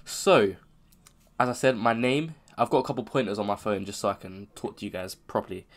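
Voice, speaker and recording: A man's voice: on the low side, brisk. A man of twenty-one, talking casually to camera at home, sounding ill and rambling with frequent self-corrections. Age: 20s. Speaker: content creator. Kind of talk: casual unscripted vlog. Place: home bedroom.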